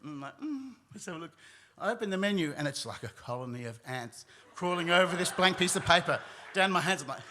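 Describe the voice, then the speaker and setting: Bright-voiced man telling a story. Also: on the high side, fast, slight background noise. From Australia. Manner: animated, acts out his own panicked voice. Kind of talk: live storytelling on stage. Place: live stage in a hall.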